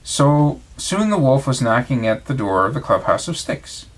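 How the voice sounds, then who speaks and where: A father reading a bedtime storybook to his child, his voice rising and falling with a lively, sing-song intonation. His pitch sits mid-range, and he reads in a warm storytelling way. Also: normal speed. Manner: expressive read-aloud voice.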